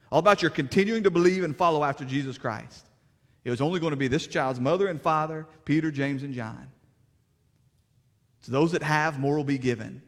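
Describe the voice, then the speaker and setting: A man preaching a sermon as pastor, in plainspoken, folksy words, swinging between fervent raised passages and hushed, quiet stretches. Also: a little high. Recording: reverberant hall.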